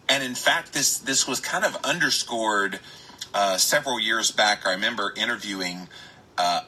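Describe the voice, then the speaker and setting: A man hosting a live stream, chatting with viewers, greeting them by name and stressing words with drawn-out emphasis. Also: lowish voice, sharp tone, breathy edge, poor audio. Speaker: health podcaster.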